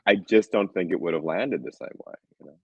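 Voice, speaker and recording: A man, a film director, talking casually in an interview, telling stories with lively quoted voices and frequent laughs. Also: low-pitched, a little fast, gravelly, husky, no echo. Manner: animated storyteller, acts out quotes, laughs often. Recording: dull, dry lo-fi sound.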